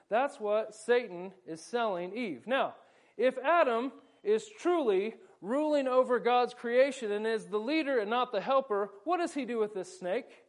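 A man preaching an animated sermon, explaining step by step and dropping playful asides. His voice is high for a man. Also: a little slow. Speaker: pastor. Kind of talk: sermon with volunteers acting out a scene.

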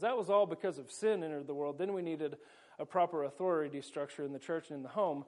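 A man's voice: fairly high pitch, quick pace, darkish tone. A man preaching a sermon, explaining with energy and playful asides while volunteers act out a scene. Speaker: pastor.

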